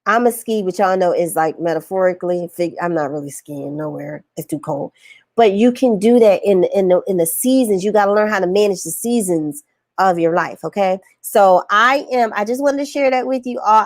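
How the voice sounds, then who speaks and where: A woman's voice: mid-range voice, no echo. A woman business coach giving a casual, preachy motivational live-stream talk, reading viewer comments and calling them y'all. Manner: animated, preachy, colloquial, calls audience y'all. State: recovering from illness, on antibiotics.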